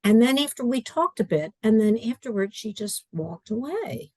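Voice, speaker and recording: This middle-aged guest, an adaptive curriculum writer, talks casually on a video call from her home study in a fairly high, slightly mellow voice. Her pitch swings widely at a normal speed with no room sound, and she is earnest and chatty, acting out her own quotes.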